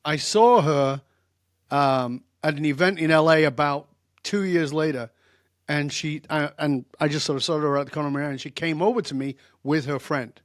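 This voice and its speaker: A man's voice: fairly high pitch, normal speed, no echo, clean studio sound. Direct, emphatic older man. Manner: direct, emphatic, animated storyteller. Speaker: guest expert. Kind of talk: storytelling in a podcast interview.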